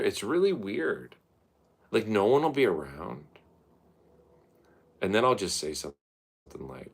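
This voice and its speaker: A man's voice: sits low, sing-song, normal speed, pauses often, a little mellow, slightly rough. A man telling rambling, profane, stream-of-consciousness stories in a casual monologue.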